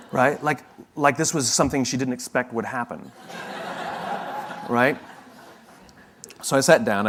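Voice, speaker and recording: A man's voice: lowish voice, a little hiss or hum. A man giving a motivational talk, telling a story in a conversational, wry way with asides and self-corrections. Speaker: motivational speaker.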